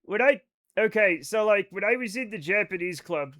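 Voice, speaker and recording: A man streaming a game live, talking in a high voice with a bright, forceful edge. He rambles and jokes loosely, swearing freely as he chats to his viewers. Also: lively intonation, moderate pace. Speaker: livestreaming gamer. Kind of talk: casual live-stream chat.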